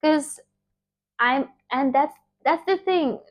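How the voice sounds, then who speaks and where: A young woman, a native Russian speaker, giving an informal motivational English lecture in an emphatic, animated way with fillers and restarts. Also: high voice, slow, dull audio. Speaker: English teacher.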